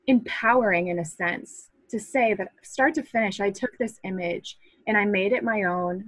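A woman's voice: mid-range voice, breathy edge, dry recording, rough recording. Podcast guest: thirties woman, from Massachusetts, earnest and reflective, dry close mic. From Massachusetts, USA. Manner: earnest, reflective, with restarts and soft laughs. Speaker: podcast guest, hobby photographer. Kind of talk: casual interview chat.

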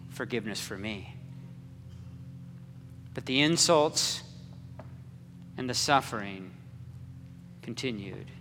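A pastor preaches a dramatic sermon as a story, moving slowly and swinging between loud cries and hushed near-whispers. His voice is mid-range, with a little hiss or hum, in an echoey hall with long reverb.

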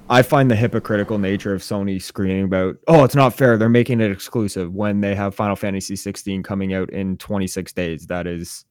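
A low-pitched man co-hosting a casual sports and games chat show. He tells stories with animated, profane energy, swearing freely as he rants. The sound is dry and close, with no room around it. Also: no room sound. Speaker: podcast co-host.

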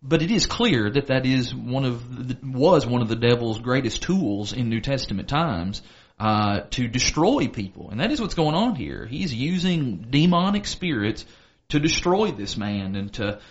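A man's voice: mid-range voice, very animated, normal speed, highs cut off. A man co-hosting a casual Bible study talk, reading scripture aloud and explaining it earnestly. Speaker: podcast co-host, Bible teacher.

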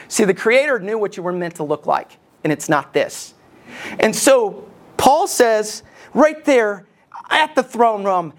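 A man preaching a sermon as lead pastor, animated, often asking the congregation questions. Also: sits high, unhurried.

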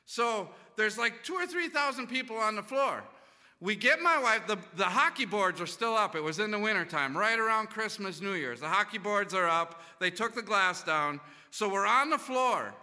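Man, high voice, very sharp tense tone, swearing, rambling storyteller, long hall reverb. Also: normal speed. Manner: animated, profane, rambling with restarts. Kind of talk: casual anecdote telling.

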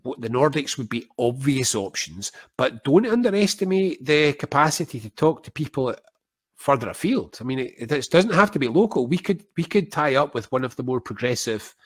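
An older Scottish man in casual conversation, an animated storyteller who acts out quoted voices with wry humour. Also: medium pitch, normal speed, husky. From Scotland.

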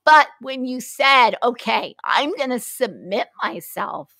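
A woman's voice: high-pitched, expressive, slow pace, sharp tone, dry recording, studio quality. A woman hosting a Christian talk show, encouraging her guests in a preachy way. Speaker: host.

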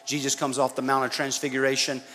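Delivering a sermon in a hall with long reverb and faint noise, this pastor talks conversationally and calls his listeners guys. His medium-pitched voice is fast, bright, and forceful, yet completely flat in delivery.

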